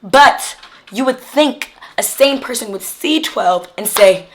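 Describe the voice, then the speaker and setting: A woman vlogger telling a story in casual chat, slangy and animated, acting out what others said. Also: on the high side, slow pace, a little hiss or hum.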